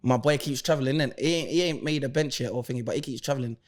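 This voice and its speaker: Animated East London storyteller man. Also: mid-range voice, fast. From East London, England. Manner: animated storyteller, heavy London slang, acts out quoted voices. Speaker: interview guest, former footballer and rapper. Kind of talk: casual podcast storytelling.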